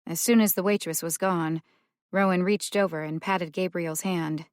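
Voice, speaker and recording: A woman narrating an audiobook in a measured, even way. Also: on the low side, dry recording, clean studio sound. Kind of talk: scripted narration.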